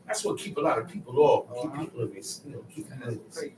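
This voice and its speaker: A man's voice: mid-range voice, fast, slight background noise. Emphatic man preaching in an echoey room. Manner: emphatic, repeats phrases, swings from soft asides to loud outbursts. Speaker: teacher. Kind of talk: street-talk Bible teaching. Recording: echoey room, mic set far off.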